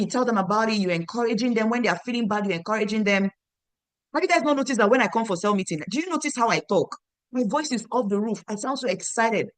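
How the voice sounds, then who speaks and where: A woman coaches her sales team in a dry, close recording. She drives her points home with repetition and keeps asking her listeners questions. Her pitch sits in a middle range. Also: fairly bright tone, dry recording. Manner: emphatic and repetitive, quizzing listeners. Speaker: team leader training her downline. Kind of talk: motivational team training talk.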